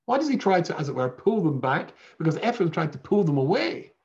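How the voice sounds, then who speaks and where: A man's voice: a little high, sing-song, fairly quick, a little mellow, dull audio. A man teaching a weekly Torah lesson as a rabbi, conversational and self-deprecating. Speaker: rabbi teaching a text class.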